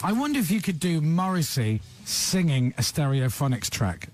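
A man's voice: a little high, sing-song, normal speed, faint music behind. A man hosting a radio show, teasing his guest in casual chat. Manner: teasing, playful. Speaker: radio host.

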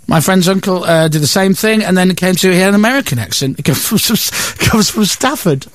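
A male radio presenter in casual, animated studio chat, laughing and acting out quotes in funny voices. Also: high-pitched, fairly quick, hardly any pauses, no echo. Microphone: studio microphone.

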